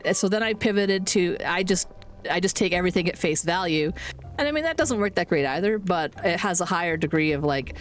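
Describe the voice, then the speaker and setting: Woman, 40s, streamer, casual chat. Lowish voice, laughs and swears, faint music bed. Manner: rambling, self-deprecating, swears casually, laughs often.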